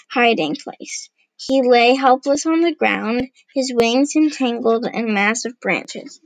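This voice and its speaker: A woman reading a storybook aloud, unhurried, giving the characters light voices. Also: on the high side, creaky, no echo, rough recording.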